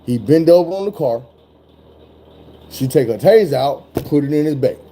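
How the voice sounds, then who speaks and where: A man speaking talks in a loose, profane commentary style. His voice is mellow and dark with a husky grain, sitting a bit high for a man. He gets animated and slips into other voices as he retells what happened. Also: moderate pace.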